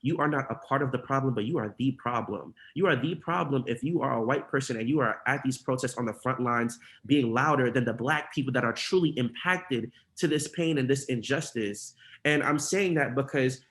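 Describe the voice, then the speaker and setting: A man's voice: mid-range voice, moderate pace, fairly bright tone. A young man, a campaign organizer, giving an impassioned and earnest personal account on a podcast. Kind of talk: emotional podcast testimony.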